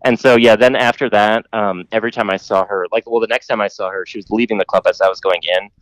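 A man on a podcast casually telling a rambling, profane story, mimicking other people in a higher voice. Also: steady tone, quick pace, fairly bright tone, dry recording, rough recording.

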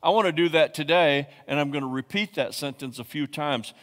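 A man's voice: on the high side, a little fast, hardly any pauses, a bit bright. A man preaching a sermon as pastor, emphatic, repeating his key lines and building to passionate peaks. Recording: long hall reverb.

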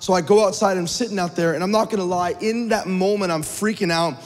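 High-voiced man preaching in a reverberant space. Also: steady tone, fast talker, soft background music. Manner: earnest storytelling, frequent repeated words. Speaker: pastor. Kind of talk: sermon.

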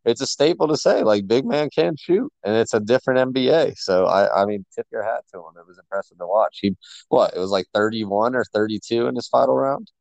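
A man's voice: medium pitch, brisk, vocal fry, a little mellow, dry recording, lo-fi sound. A man co-hosting a sports podcast, talking enthusiastically and rambling with lots of fillers. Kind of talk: casual sports chat.

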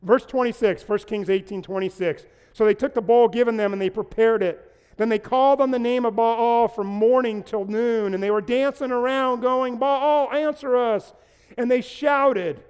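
A pastor with a very high-pitched, smooth, slightly mellow voice preaches a livestreamed sermon at a moderate pace. He speaks conversationally, invites his online audience to answer, and throws in playful asides. The large room echoes like a hall, with no live audience present.

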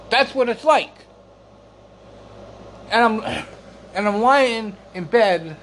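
An exasperated man vents in a rambling, unhurried way, often repeating his words and swearing. His voice sits high and swings widely in pitch, and he coughs and clears his throat between lines. Faint noise hums under the recording. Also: a bit bright. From United States. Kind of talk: casual storytelling rant.

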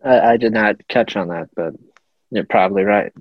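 A man's voice: lowish voice, moderate pace, no echo. A man co-hosting a casual film review podcast, laid-back and profane, with hesitant restarts. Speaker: podcast co-host. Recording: dull muffled home mic.

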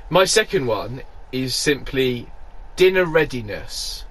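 A man's voice: medium pitch, takes it slowly, heavy background noise. A man co-hosting a podcast, swearing freely and ranting jokily in casual banter. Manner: animated, sweary, jokey rants. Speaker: podcast co-host.

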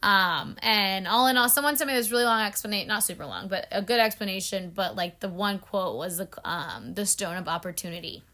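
A woman's voice: medium pitch, fairly quick, hardly any pauses. A young woman co-hosting a casual chat podcast, retelling a story in a chatty way, full of "like". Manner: chatty, heavy use of "like", animated retelling. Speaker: podcast co-host.

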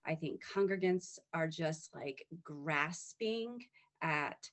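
A woman's voice: low-pitched, expressive, slow. A woman hosting an interview, asking thoughtful, hesitant questions with many fillers.

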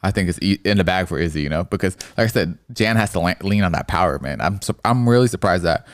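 Fast-talking deep-voiced man, casual sports chat. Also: no room sound. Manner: swears a lot, excitable, says bro. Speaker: podcast co-host.

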